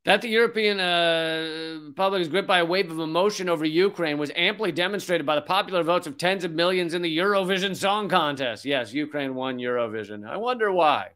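A man's voice: fairly high pitch, brisk, few pauses, pushed and bright, clear, resonant tone. A man in his forties hosting a political commentary show, reading an article aloud and breaking off into sarcastic, profane rants.

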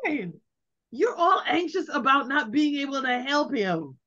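Animated woman guest, dull lo-fi sound. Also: high voice, unhurried. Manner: animated, acts out the questions she suggests. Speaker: interview guest, grieving mother. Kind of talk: heartfelt conversational advice.

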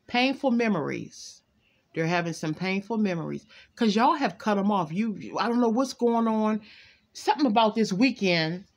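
A woman giving a candid, chatty tarot reading at home, often stopping to talk to her pet and laughing. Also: medium pitch. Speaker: tarot card reader. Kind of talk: casual tarot reading livestream.

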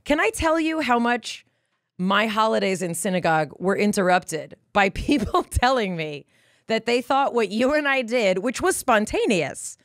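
A woman hosting a podcast who chats in a lively, teasing way, laughs often, and reads the sponsor ads herself. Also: a little high, normal speed, dry recording, studio quality. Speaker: podcast host. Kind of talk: casual chat and read ads.

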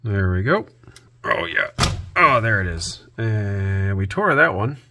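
A man with a low voice and an unhurried delivery talks his way through a repair at his workbench. He narrates each step out loud, dropping dry jokes to himself as he goes. There's a faint hiss of noise behind him. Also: big pitch swings. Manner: self-talk with dry jokes. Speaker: host.

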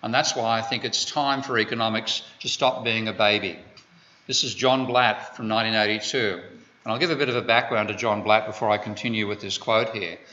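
Forceful Australian man lecturing. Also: lowish voice, fairly even intonation, a little fast. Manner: digressive, with wry asides. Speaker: economics lecturer. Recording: dull lo-fi lecture recording.

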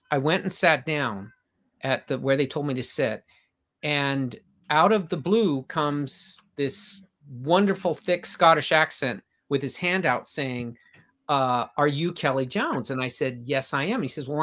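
An older man, a comic artist guest, telling long anecdotes with frequent restarts in a casual interview. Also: a little high. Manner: rambling, warm anecdotes with restarts.

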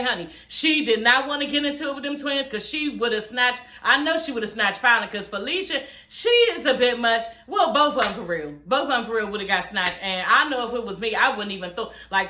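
A young woman recapping a reality show in a sassy, profane, animated way. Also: fairly high pitch, roomy sound. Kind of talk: casual reaction recap.

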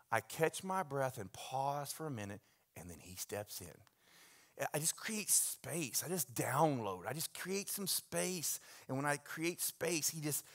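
A man preaching as a pastor, telling stories with big swings from hushed asides to loud bursts. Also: on the high side. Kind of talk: sermon. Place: church sanctuary.

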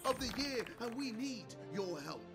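A man presenting a dating show in an energetic, scripted intro from a played clip. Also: very high voice, measured pace, vocal fry. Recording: played clip with loud music behind.

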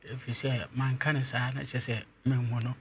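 A young man, an interview guest, telling his own story and growing animated as he recounts events. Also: medium pitch, normal speed, slight background noise. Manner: animated when retelling events, laughs.

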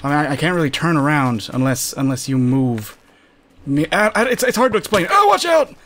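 A man's voice: on the high side, lively intonation, brisk, a bit bright, a little hiss or hum. A man voicing a dry, sarcastic male sidekick who talks in a hesitant, stammering way. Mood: unsure.

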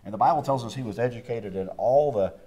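A man preaching a chapel sermon, lively and acting out quoted voices. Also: medium pitch, fast talker, breathy edge, muffled recording. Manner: animated, acts out quoted voices. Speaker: chapel speaker. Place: college chapel.

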